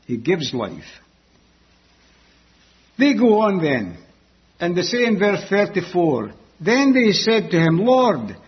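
A man preaching a sermon, slow and emphatic, repeating key phrases, on a dull lo-fi recording. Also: sits high, breathy edge.

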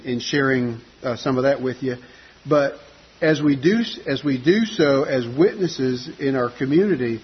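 Husky-voiced man preaching a sermon. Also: mid-range voice, lo-fi sound. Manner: conversational preaching with many fillers and restarts.

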